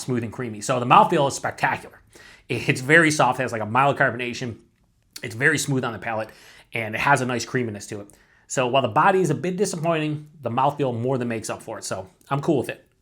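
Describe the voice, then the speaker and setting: A man's voice: mid-range voice, a bit bright. A man casually reviewing a beer on his own channel, rambling with lots of fillers, swearing freely and mocking himself in asides.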